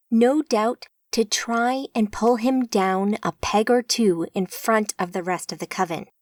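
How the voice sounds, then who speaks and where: A woman narrating an audiobook in a measured, unhurried reading. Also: medium pitch, no room sound, studio quality. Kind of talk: scripted narration.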